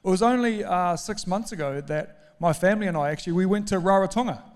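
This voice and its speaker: Rich: A high-voiced man delivers a sermon in a smooth, resonant tone. He tells his story in an animated, self-mocking way and piles up emphatic lists. His voice rings out through a church hall with a long reverb tail. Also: fast. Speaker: pastor.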